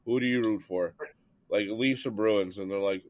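A man's voice: lowish voice, normal speed, a little mellow, no room sound, studio quality. A Canadian man co-hosting a podcast, ranting and swearing freely about hockey rivalries in casual chat. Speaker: podcast co-host. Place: home, just out of bed.

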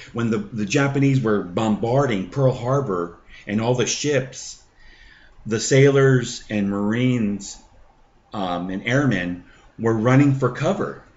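A middle-aged man hosting a faith podcast, telling a personal testimony in a halting way full of fillers and restarts. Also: lowish voice, dull audio. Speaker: podcast host.

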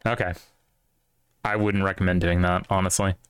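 A man co-hosting a casual podcast, talking with animated opinions and casual swearing. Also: deep voice, normal speed, clean tone, no room sound. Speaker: podcast co-host. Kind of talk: casual chat.

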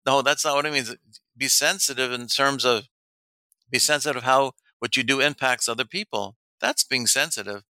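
Bright, crisp-voiced middle-aged man. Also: medium pitch, normal speed, dry recording. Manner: animated storyteller, acts out quoted dialogue, laughs often. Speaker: dating coach for men. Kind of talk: casual interview talk.

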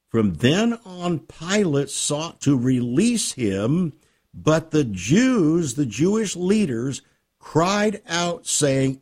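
A man preaching a sermon, slow and emphatic, repeating key phrases, with a slightly husky voice. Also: fairly high pitch, sing-song, a little mellow. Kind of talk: sermon with ministry book offer.

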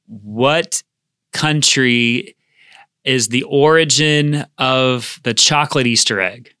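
A man's voice: mid-range voice, slow pace, pushed and bright, clean tone, no room sound, studio quality. A man co-hosting a casual podcast, chatting and laughing often and poking fun at himself. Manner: laughs often, self-deprecating. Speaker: podcast co-host. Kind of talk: casual chat.

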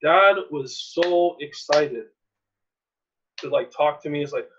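Young man, storytelling, slightly high voice, lo-fi sound, animated. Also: slow pace, pauses often, husky. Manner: animated, laughs often, acts out the people in his story. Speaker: guest telling a story. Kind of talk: casual storytelling. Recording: dull lo-fi sound.

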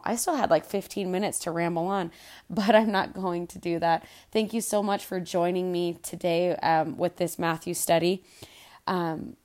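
A woman hosting a Bible study podcast, talking earnestly and softly, often repeating words as she gets emotional. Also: lowish voice. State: emotional, quiet and soft-spoken. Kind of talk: casual devotional podcast talk.

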